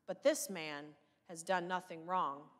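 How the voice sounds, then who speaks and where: A woman reading the lines of a repentant male criminal on a cross during a church scripture reading, earnest and pleading, with a slow delivery in a reverberant hall. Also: lowish voice, steady tone, fairly bright tone.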